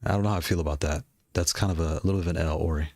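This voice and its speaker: Browsing game controllers, a man who makes gaming hardware videos chats about products very fast, rambling, repeating himself, and laughing a lot. His rumbling low voice is a little mellow with fairly even intonation, captured in clean studio sound without echo.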